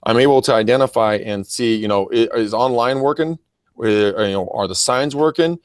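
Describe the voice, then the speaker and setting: A man co-hosting a casual podcast as a real estate coach, animated and profane, acting out little scenes as he talks. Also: mid-range voice, normal speed, no room sound.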